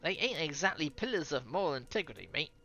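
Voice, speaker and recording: Flirty London woman with a teasing manner and lively voice, put on by a reader. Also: sits low, fast, a little hiss or hum, heavily acted. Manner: teasing, affectionate.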